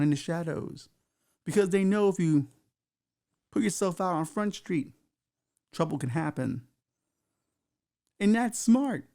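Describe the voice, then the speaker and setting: Male podcast host, fairly high and gravelly, loose and profane, riffs in a comedic monologue. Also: darkish tone. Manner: loose, profane, riffing with asides.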